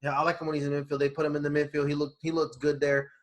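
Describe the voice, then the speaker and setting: A man co-hosting a casual chat podcast, slangy and animated, acting out quotes with big jumps in his voice. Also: fairly high pitch, very fast. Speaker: podcast co-host.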